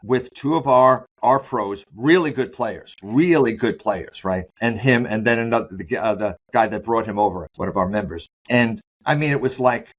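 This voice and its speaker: A man being interviewed as a sport psychologist, talking candidly and loosely, often restarting his sentences and slowing down to stress key words. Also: on the low side. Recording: dull lo-fi sound.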